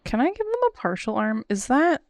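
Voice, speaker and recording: Young woman streamer rambling while she draws, giggly, lots of likes and ums, smooth clear voice, dry close sound. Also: on the high side, sing-song, brisk, no room sound. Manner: chatty, giggly, thinks aloud with many fillers. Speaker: art streamer. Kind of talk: casual chat while drawing on stream.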